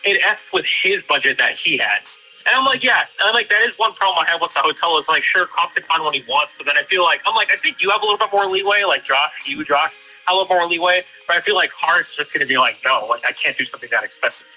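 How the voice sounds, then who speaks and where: A man's voice: on the high side, expressive, quick pace, sharp tone, faint music behind, poor audio. A man chatting casually with a friend, retelling a talk hesitantly with lots of fillers and "he's like". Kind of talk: casual chat.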